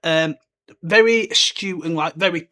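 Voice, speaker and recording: Alone with a book to discuss, a young podcast host chats casually and rambles, packing in filler words. His slightly high voice is unhurried and sharp in tone.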